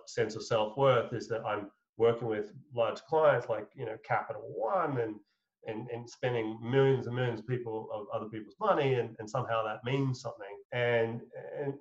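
A man tells a long story as a guest in an interview, stacking up fillers and restarts and swearing along the way. His voice sits at an ordinary middle pitch. The audio is slightly dull, as if muffled. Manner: chuckles while telling a story. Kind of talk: casual anecdote telling.

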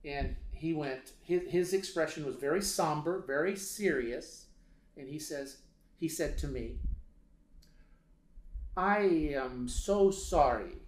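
Man telling a story in an interview, bit higher voice, lots of ums, echoey room. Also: a little slow. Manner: hesitant, many fillers, acts out dialogue. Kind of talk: casual storytelling. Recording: roomy echo.

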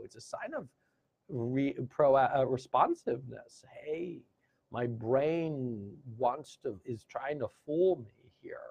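A man's voice: mid-range voice, a little mellow, husky, lo-fi sound. A man hosting a live gratitude session, encouraging viewers and reading out their comments. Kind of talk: live-stream motivational talk.

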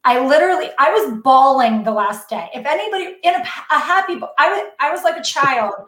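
A woman's voice: high-pitched, animated, brisk, fairly bright tone, roomy sound. A woman educator, a podcast guest, telling her story in an effusive, emotional way. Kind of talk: casual podcast chat.

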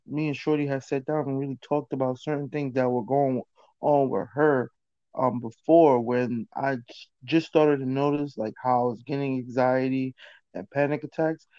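A man in casual chat, telling stories in an animated, slangy way with lots of fillers. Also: medium pitch, no room sound. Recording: dull, dry sound.

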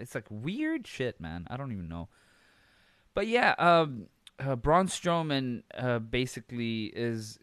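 A man's voice: on the low side, smooth, dry recording. A man hosting a podcast alone, rambling casually with lots of fillers and some swearing. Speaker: podcast host. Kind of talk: casual solo commentary.

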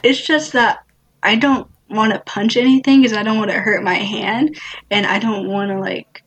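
A woman's voice: mid-range voice, steady tone, moderate pace, fairly bright tone, slightly rough, highs cut off. A young woman hosting a casual chat, rambling with lots of fillers and giggles. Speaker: host.

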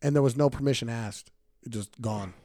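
A young man co-hosts a podcast, telling stories loudly and animatedly in casual chat, swearing and laughing often. His mid-range voice moves fairly quickly, and the recording is dry and studio-clean.

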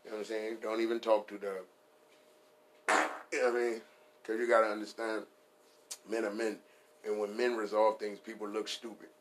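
A man with a low speaking voice riffs loosely on a comedy podcast. He swears freely and rambles from one bit to the next in a playful tone. Faint background noise sits behind him. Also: little pitch movement, a little fast, pauses often. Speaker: podcast host. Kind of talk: casual comedic riffing.

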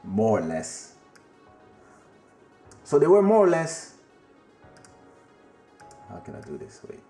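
A podcast host in a home studio, live streaming, tells a story casually, laughing often, swearing freely and turning to talk to a friend. His lowish voice swoops wildly in pitch and is slow, creaky and mellow, with a roomy sound and faint music behind.

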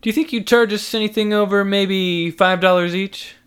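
A man's voice: sits high, fairly even intonation, normal speed, a bit bright, clear, resonant tone, pitched above the performer's own voice. A man voicing a persistent young man who keeps pleading and pressing. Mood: coaxing. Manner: pleading, insistent. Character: young man, persistent, odd sudden charm.

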